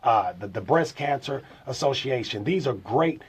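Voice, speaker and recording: A middle-aged man from St. Louis, a business guest on a radio interview, explaining his company in an earnest sales pitch. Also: animated, moderate pace, breathy edge. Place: radio studio.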